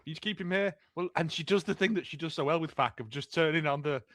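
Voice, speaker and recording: A man co-hosting a podcast who drops quick comments into a casual chat. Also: fairly high pitch, fairly bright tone, no echo. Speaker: podcast co-host.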